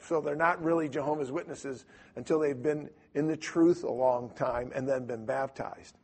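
A man's voice: medium pitch, a little slow, gravelly, slightly rough. A man preaching a sermon, telling stories conversationally with many fillers and restarts, acting out the people he quotes. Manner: animated storyteller acting out quoted voices. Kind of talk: sermon with storytelling.

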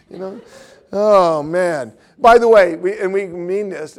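Man, high voice, animated teaching talk, frequent laughter. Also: unhurried. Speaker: evangelism trainer.

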